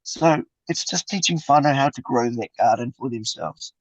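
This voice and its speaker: A man's voice: medium pitch, moderate pace, no room sound, poor audio. A middle-aged man with a New Zealand accent, telling his story in an interview in a passionate, uplifting way and mixing in Māori words. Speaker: interview guest, suicide survivor and mentor.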